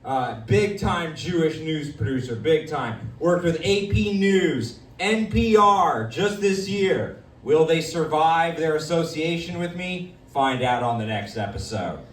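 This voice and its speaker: A man's voice: fairly high pitch, lively intonation, a little slow, few pauses. A man hosting a live comedy show, bantering in a brash, crude, mock-pompous way. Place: comedy night in a dispensary. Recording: echoey room, distant mic.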